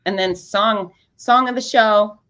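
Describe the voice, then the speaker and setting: Bright, upbeat woman host. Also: medium pitch, takes it slowly. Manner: upbeat, hypes the audience. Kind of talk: casual chat.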